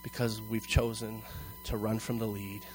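Animated man preaching a lively sermon. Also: fairly low pitch, moderate pace, soft background music, rough recording. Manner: animated, acts out dialogue in his story. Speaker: pastor. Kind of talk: sermon with personal story. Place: church service before a congregation.

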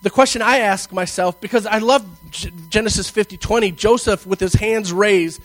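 A man with a high, fairly bright voice preaches a sermon, reading scripture and explaining it conversationally and emphatically, often checking in with "okay?" He slows down to stress key phrases as his intensity rises. The recording is rough, with no echo.

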